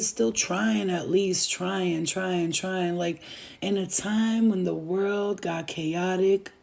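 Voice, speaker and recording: Woman, spiritual reader, casual channeled message, profane, repetitive, reassuring, gravelly voice. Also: lowish voice, warm tone. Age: adult with a child. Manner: emphatic and profane, repeats phrases for effect; speaks straight to the viewer, reassuring.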